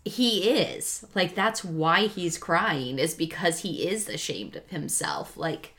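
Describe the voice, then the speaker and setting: A woman's voice: lowish voice, lively intonation, slow pace, a bit bright. A woman co-hosting a podcast, musing casually about a book and quoting characters in passing.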